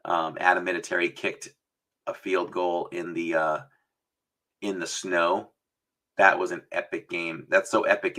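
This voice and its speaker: Slow, deep-voiced man hosting a livestream. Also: bright, forceful tone. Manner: chatty, rambling, breaks into announcer voices. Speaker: livestream host. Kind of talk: casual livestream chat.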